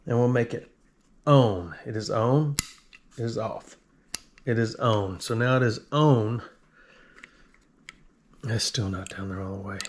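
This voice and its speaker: A man's voice: lowish voice, a little slow, long pauses, a little hiss or hum. A man with a drawl, working on a tool and talking to himself in a joking, rambling way. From Alabama. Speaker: video host. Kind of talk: casual workshop tinkering talk.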